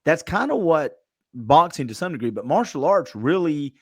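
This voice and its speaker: Male podcast host, slightly raised pitch, dry close sound, easygoing chat. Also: sing-song, moderate pace, breathy edge, no echo.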